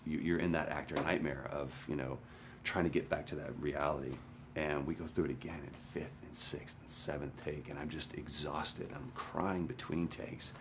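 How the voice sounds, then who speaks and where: A man, an actor, candidly recounting a hard day on set in a documentary interview, sometimes dropping to a hush. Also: rumbling low, background noise. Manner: candid, animated storytelling, drops to a hush for quotes. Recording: interview with score under it.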